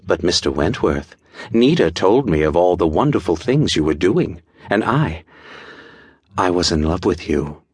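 A man's voice: deep voice, very animated, unhurried, darkish tone, slightly rough, no room sound, clean studio sound, heavily acted. A man putting on a teasing young society girl. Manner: teasing, mock-regal. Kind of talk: audiobook character voice.

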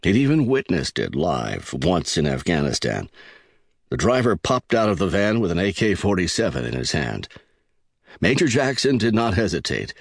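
A man with a very deep voice narrates a thriller audiobook. His pitch moves expressively, and the recording is dry and close. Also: no echo.

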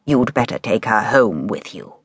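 A woman voicing an old, blind male shopkeeper in a storybook reading, slow and deliberate with a gently teasing manner. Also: extremely low pitch, expressive, breathy edge, dry recording, studio quality, voice pushed down, full character voice.

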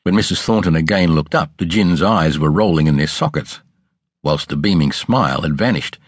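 A man narrating an audiobook in a measured, expressive storytelling manner with a husky voice. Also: very deep voice, no echo. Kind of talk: scripted narration. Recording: dry close studio sound.

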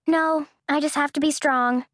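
A woman's voice: sits high, fairly even intonation, measured pace, fairly bright tone, dry recording, clean studio sound, voice pushed up. A woman voicing an eager teen girl. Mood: earnest.

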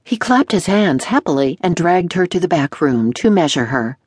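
A woman narrating a historical romance audiobook in an expressive, melodic storytelling manner. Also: on the low side, moderate pace, husky, dry recording, clean studio sound. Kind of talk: scripted narration.

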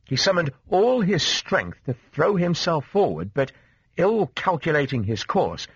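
Husky, expressive male audiobook narrator. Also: fairly high pitch, unhurried, no room sound. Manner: expressive, varied delivery. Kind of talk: scripted narration. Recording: dull dry studio sound.

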